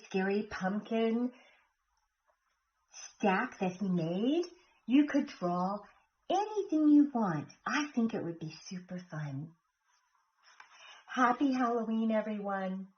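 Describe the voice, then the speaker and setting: A woman reading a picture book aloud to children, animated and asking them questions, recorded on a phone in lo-fi sound. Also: medium pitch, slow pace, pauses often. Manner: animated, asks listeners questions.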